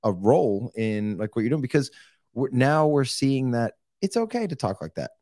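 Animated man from Oklahoma, dry sound. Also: mid-range voice, moderate pace, dry recording. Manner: animated, acts out other people's lines in mock voices. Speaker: podcast guest. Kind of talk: casual conversation.

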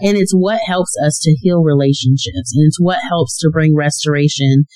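A man's voice: on the high side, normal speed, a little mellow, no echo, soft background music, low-quality recording. Effusive affirming male podcast host. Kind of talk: encouraging faith-based podcast talk.

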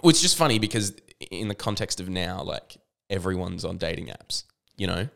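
A man with a low, smooth voice rambles through a movie plot on a casual podcast. He tells it with animated energy and drops into quick impressions of the characters as he goes. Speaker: podcast co-host. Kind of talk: casual chat about movies.

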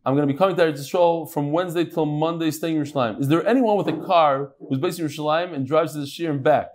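A man's voice: fairly high pitch, racing, darkish tone. A man teaching a live class, reading out listener messages and adding casual asides, full of Yiddish and Hebrew terms.

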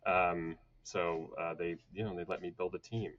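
A man's voice: sits low, steady tone, normal speed, over a noisy crowd. A middle-aged man from Atlanta, a podcast guest telling candid stories with many fillers and restarts. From Atlanta, southern United States. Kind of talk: candid conversational storytelling. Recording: dull lo-fi audio.

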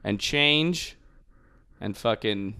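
A man's voice: fairly low pitch, animated, extremely slow, pushed and bright, clean tone. A man hosting a podcast in casual comedic chat, ranting sarcastically with crude jokes and lots of "dude". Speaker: podcast host.

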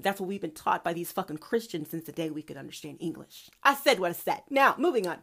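A woman's voice: lowish voice, big pitch swings, fast talker, vocal fry, few pauses, fairly bright tone. A woman host delivering an impassioned, profane, preachy monologue. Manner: profane, fiery preachy ranting. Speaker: podcast host.

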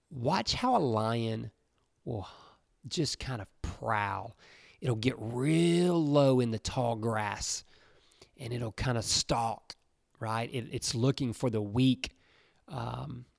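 Male preacher, casual conversational delivery, gravelly voice, mid pitch. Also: no echo, studio quality. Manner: conversational, repeats "right?" and "you know". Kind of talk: casual preaching to young listeners.

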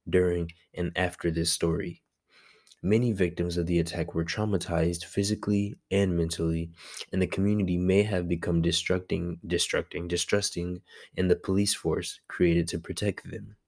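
A man's voice: deep voice, a little mellow. A young man, a student, talking through a class assignment in a casual, rambling way, correcting himself and using slang.

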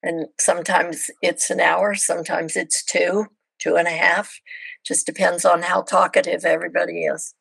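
A woman's voice: lowish voice, flat delivery, normal speed, gravelly, fairly bright tone, breathy edge, dry recording, poor audio. An older woman, a podcast guest, telling her missionary stories in casual, chatty conversation. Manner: chatty, anecdotal. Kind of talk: casual storytelling interview.

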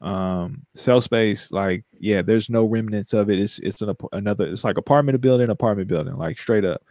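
A man's voice: on the low side, normal speed, darkish tone, no echo. Slangy joking man, dry sound. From San Francisco. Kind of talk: casual chat.

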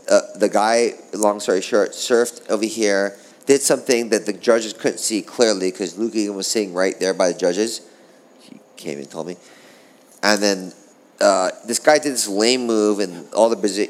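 A middle-aged man, a former pro surfer, telling stories in a casual interview, animated and profane, rambling along. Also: on the low side.

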